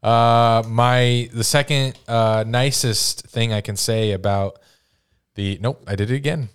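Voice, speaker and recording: A man's voice: medium pitch, steady tone, measured pace, smooth. A man co-hosting a fan sports podcast, rambling and correcting himself with a joking tone. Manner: rambling, self-correcting, jokey. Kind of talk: casual sports chat.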